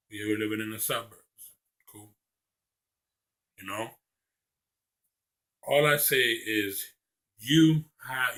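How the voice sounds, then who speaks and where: A young man from Maryland speaks straight to his camera in a casual, rambling vlog. He sounds earnest and restarts his sentences often, stumbling over the first word. His voice sits at an ordinary middle pitch for a man. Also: a bit bright. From Maryland, USA. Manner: earnest, rambling, repeats words when starting a thought. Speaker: vlogger.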